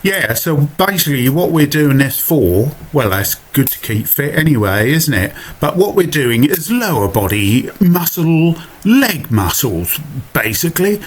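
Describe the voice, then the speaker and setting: A man's voice: fairly high pitch, big pitch swings, measured pace, slightly rough. A man with a Suffolk accent narrating his own cycling video in a chatty, self-mocking voiceover full of asides. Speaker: vlogger.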